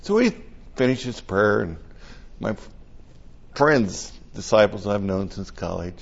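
An older man preaching a conversational sermon, telling stories in an animated and emotional way. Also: on the low side, unhurried, vocal fry, slightly rough, highs cut off.

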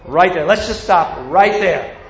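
A man with a high voice and an unhurried delivery preaches a sermon, slipping into animated voices for God and for grumbling believers. His voice rings in a roomy space, and the sound is a little dull. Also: slight background noise.

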